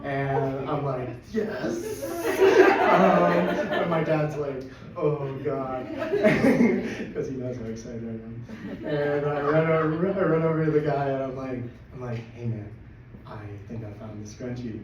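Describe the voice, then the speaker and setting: A man telling a personal story at a live storytelling event, excitable and laughing through it. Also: medium pitch, a little slow. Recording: echoey, distant, dull live recording with noise.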